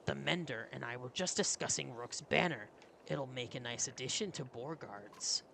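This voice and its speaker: A man voicing a smug, arrogant one-handed governor with a gravelly, sneering delivery. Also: medium pitch, normal speed, bright, forceful tone, slight background noise. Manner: sneering, condescending.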